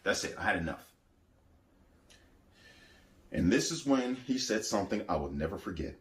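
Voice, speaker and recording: A man's voice: sits low, big pitch swings, moderate pace. A man giving a spoken religious testimony, telling his story emphatically and repeating phrases as he acts out the voices he quotes. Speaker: Christian testifier.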